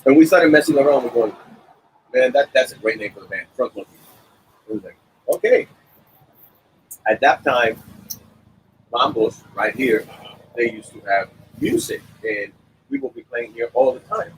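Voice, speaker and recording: A middle-aged man sits in a cafe and tells tour stories in a loose, conversational way. His voice is mid-pitched, and he slips into little voices to act out the people he quotes. Faint room noise sits behind him. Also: moderate pace, pauses often, low-quality recording. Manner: animated anecdotes with acted-out quotes. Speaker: musician guest. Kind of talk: casual storytelling interview.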